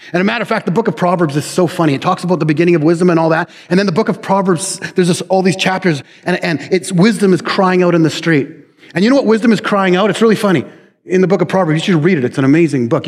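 A man's voice: fairly high pitch, long reverb tail. A male pastor preaching a sermon in a conversational, joking way, often checking in with "right?".

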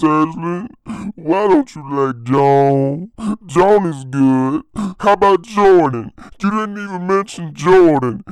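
A man's voice: high voice, clean tone, dry recording, pitched above the performer's own voice. A young man voicing a needy, self-pitying man who pleads to be liked. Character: whiny, needy man, easily hurt.

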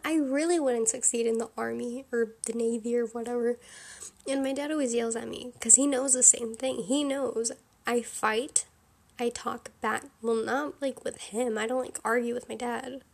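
Give me a high-voiced young woman chatting frankly on her podcast. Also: gravelly, darkish tone. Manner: chatty, frank and opinionated, lots of fillers and laughs. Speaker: podcast host. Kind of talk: casual solo podcast chat.

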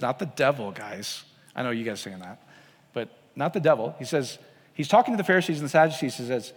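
This man's voice sits a little high, trailed by a long reverb. He preaches conversationally and casually, frequently putting questions to his listeners to check in with them.

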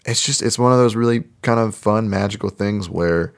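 A man with a very deep, low voice talks casually as a podcast co-host. He rambles in an easy, laid-back way and drops the odd swear word. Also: normal speed, gravelly. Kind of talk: casual chat.

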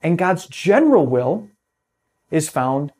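A man preaching a sermon as pastor, earnest, slowing down to stress key phrases and dropping to a hush on closing words. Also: a little high, very animated.

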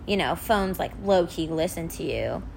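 A woman's voice: lowish voice, lively intonation, normal speed, gravelly, darkish tone, slight background noise, rough recording. A young woman co-hosting a podcast, chatting enthusiastically with frequent "um" and "like". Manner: enthusiastic, lots of likes and ums. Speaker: podcast co-host. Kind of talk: casual chat.

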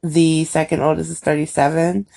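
A woman in her thirties chatting casually with her partner, telling stories in an animated, playful way. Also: deep voice, normal speed, creaky. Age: 30s. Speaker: podcast co-host. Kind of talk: casual chat.

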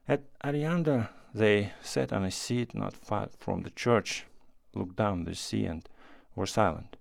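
A male audiobook narrator reads a classic short story in a measured, unhurried way. His voice is low and gravelly. The recording is close and dry, with no room echo. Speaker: reader.

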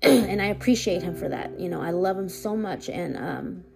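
A woman hosting a personal podcast as a family caregiver, talking in halting sentences full of fillers and restarts. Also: lowish voice, lively intonation, creaky. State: near tears, voice rising and breaking.

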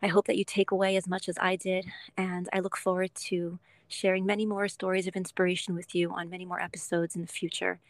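Earnest woman podcast host, gravelly edge. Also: on the low side, no room sound. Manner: gentle, earnest, encouraging. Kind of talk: heartfelt podcast interview.

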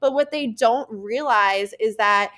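A woman's voice: fairly high pitch, unhurried, sharp tone. Rambling New Jersey woman coach. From New Jersey, USA. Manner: rambling, filler-heavy, laughs easily. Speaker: guest coach. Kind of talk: casual interview chat.

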